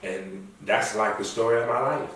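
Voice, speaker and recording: A man's voice: medium pitch, moderate pace. Man talking in an echoey room. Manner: animated storyteller, acts out quoted lines. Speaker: interview guest. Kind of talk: casual conversational interview. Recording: echoey room, far from mic.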